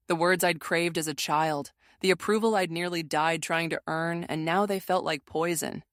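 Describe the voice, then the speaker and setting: A woman narrating a first-person family drama story in a steady, measured way. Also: lowish voice, dry recording, studio quality.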